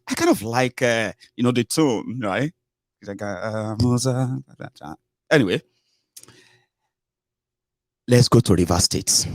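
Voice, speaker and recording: A man's voice: deep voice, no echo, studio quality. A man hosting a casual political commentary show, chatty and sarcastic, slipping into Pidgin.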